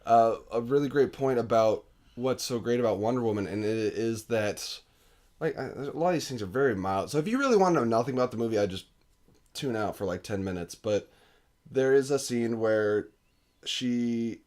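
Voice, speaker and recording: A man's voice: animated, normal speed, darkish tone. A young man co-hosting a casual movie podcast, talking enthusiastically and acting out scenes with sudden leaps in his voice. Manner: enthusiastic, acts out quotes with big pitch jumps. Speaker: podcast co-host. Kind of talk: casual movie review chat.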